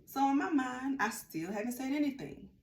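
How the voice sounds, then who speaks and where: A woman vlogger telling a casual storytime, chatty and animated, acting out what others said. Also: high-pitched, normal speed. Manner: chatty, animated, acts out quotes. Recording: roomy room with faint ambience.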